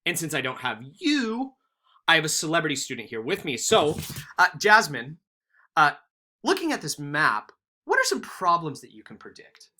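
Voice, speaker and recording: A man's voice: fairly high pitch, moderate pace. A male teacher giving a recorded history lesson, telling stories animatedly and acting out quotes. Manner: animated storytelling with acted-out quotes.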